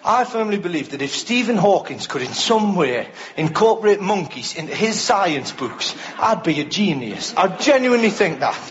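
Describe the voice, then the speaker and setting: A man's voice: high voice, big pitch swings, normal speed, few pauses. A man doing stand-up comedy with rambling, playful storytelling. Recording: lo-fi live recording with noise.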